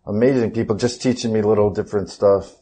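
A man's voice: lowish voice, steady tone, fast, warm tone, breathy edge. A man in a casual interview, telling stories in a loose, easygoing way. He laughs often and rambles a little between thoughts. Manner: laid-back, laughing, chatty storyteller. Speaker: guest, actor.

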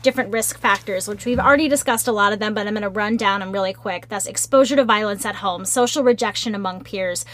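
A woman's voice: mid-range voice, fast, hardly any pauses, a bit bright. A woman co-hosting a casual podcast discussion, earnest, reading from her notes with restarts. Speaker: podcast co-host.

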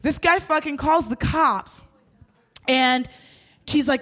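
A woman with a high voice tells a wild story on a comedy podcast. She swears freely and acts out everyone's lines, jumping between voices. Her delivery is animated and loose. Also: unhurried. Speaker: podcast co-host.

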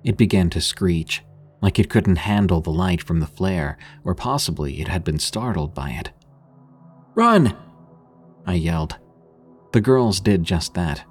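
A man narrating a scripted horror story in a husky voice, lifting his voice for the characters' lines. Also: low voice, moderate pace, darkish tone, faint music behind.

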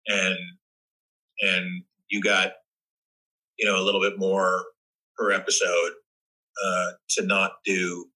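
A man guest chatting casually on a podcast, an animated storyteller who restarts his sentences. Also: low voice, slow pace, pauses often, rough recording. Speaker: actor guest.

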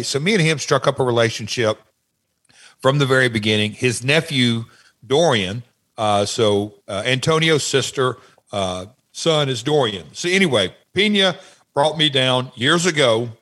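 A man's voice: mid-range voice, fairly bright tone. Rambling man telling stories as a guest. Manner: rambling, repeats words and restarts. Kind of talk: casual interview chat.

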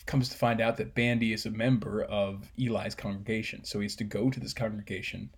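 A man's voice: fairly low pitch, steady tone, fairly quick, breathy edge. A man casually breaking down a film scene, rambling with fillers and swearing.

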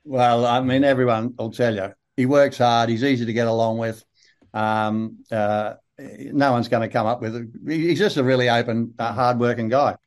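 An older man with a broad Australian accent, telling relaxed, rambling anecdotes with dry humour as an interview guest. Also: mid-range voice, moderate pace. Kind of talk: casual interview storytelling.

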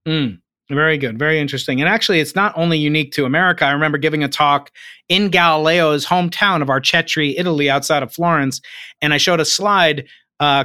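Male interviewer, slightly high, bright tone, quippy and fast-moving, many false starts. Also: clean tone, no room sound, studio quality. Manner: quick, jokey, with frequent restarts. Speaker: host and interviewer. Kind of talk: conversational video interview.

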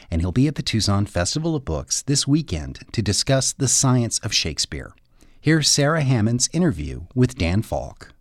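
A man radio host reading event announcements and an introduction in steady announcer style. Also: sits low, no room sound, clean studio sound.

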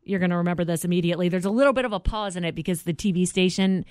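A morning show co-host reading news items in a casual chat and adding quick asides. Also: mid-range voice, a little mellow, smooth, dry recording, clean studio sound. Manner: reads headlines with quick asides and laughs.

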